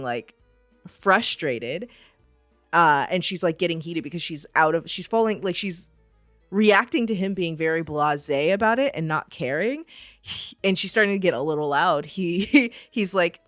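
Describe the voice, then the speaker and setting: A woman's voice: fairly low pitch, lively intonation, moderate pace, fairly bright tone, dry recording, soft background music. A woman co-hosting a podcast in casual chat. She talks animatedly, laughs often and acts out quotes. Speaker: podcast co-host.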